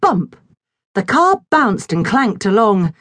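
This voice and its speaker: A woman narrating a children's audiobook in an expressive storytelling manner. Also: medium pitch, takes it slowly, no room sound. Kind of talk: scripted narration of a children's book.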